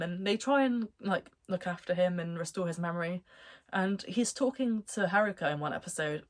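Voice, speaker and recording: A woman's voice: on the low side, normal speed. A young woman talking casually about a cartoon series she loves, rambling with lots of fillers and bursts of enthusiasm. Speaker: anime reviewer. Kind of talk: casual chat.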